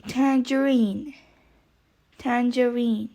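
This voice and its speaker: Woman, English teacher, very slow drilling pace, repeats and spells words, fairly high voice. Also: steady tone, darkish tone. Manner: repeats each word slowly, then spells it letter by letter.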